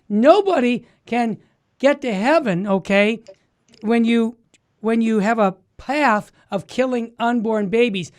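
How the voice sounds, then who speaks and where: A man hosting a talk radio show, emphatic and exhorting, with quick restarts. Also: extremely high pitch. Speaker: radio host.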